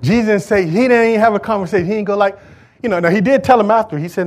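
A man with a high voice preaches to his congregation, swinging between relaxed, colloquial asides and loud, emphatic call-outs. He keeps the people involved with questions and repetition. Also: rapid-fire. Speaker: pastor. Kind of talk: sermon.

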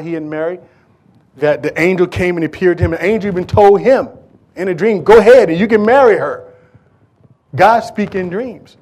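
Folksy, slightly high-voiced male preacher. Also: darkish tone. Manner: folksy and conversational, with frequent restarts and asides to the congregation. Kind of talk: sermon.

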